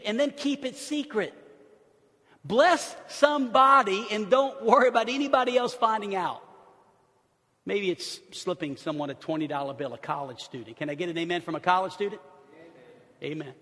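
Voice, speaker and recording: A man's voice: high voice, normal speed, bright, forceful tone. A man preaching a sermon as pastor in a church, counting off points in a conversational way and acting out quotes. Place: church sanctuary. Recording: long reverb of a large hall.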